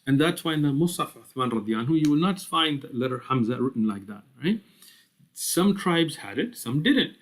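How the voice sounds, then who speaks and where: A man's voice: a little high, animated, normal speed. A man giving a lecture on Islamic studies, explaining step by step, often asking "right?" and using fillers. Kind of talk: lecture with slides.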